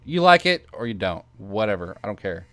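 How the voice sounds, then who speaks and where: A man's voice: lowish voice, sing-song, fairly quick, pushed and bright, no echo. Sarcastic, rambling male game streamer. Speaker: gaming channel host. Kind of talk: casual let's-play commentary.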